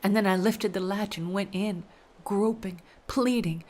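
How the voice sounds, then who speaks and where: A woman's voice: medium pitch, steady tone, a little slow, a little mellow. A woman telling a first-person story aloud, emotional, dropping to whispers at tense moments.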